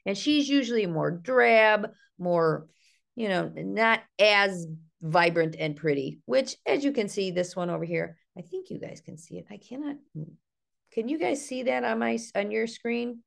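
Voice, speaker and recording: A middle-aged woman from Ohio, a naturalist giving an online nature workshop in a chatty, playful way, with a slightly gravelly voice. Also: medium pitch, animated, a little slow. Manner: chatty, playful, mimics bird calls in sing-song. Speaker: naturalist and art instructor. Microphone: video call.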